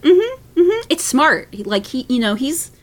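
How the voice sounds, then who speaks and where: A woman talking as a podcast guest in a casual chat, laughing often and pausing on fillers. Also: sits high, very animated.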